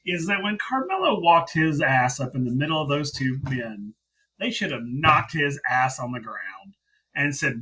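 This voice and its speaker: A man co-hosting a podcast in casual chat, animated and exasperated, often leaping into high-pitched mock quotes. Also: normal speed, slightly rough, low-quality recording. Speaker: podcast co-host. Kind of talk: casual wrestling recap chat.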